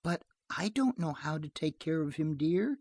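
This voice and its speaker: A reader voicing a calm young mother who gently coaxes her child in a soft, restrained voice. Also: mid-range voice, moderate pace, no room sound, pitched above the performer's own voice. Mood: gentle coaxing.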